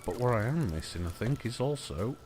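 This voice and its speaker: A man's voice: medium pitch, animated, brisk, noisy background. A man giving casual gameplay commentary as a let's play host, chatty and muttering asides to the objects on screen.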